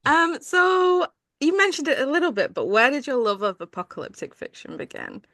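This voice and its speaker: Lively high-voiced woman host. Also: moderate pace, no echo, clean studio sound. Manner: brief warm-up questions, lots of backchannel. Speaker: podcast host. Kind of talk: casual podcast interview.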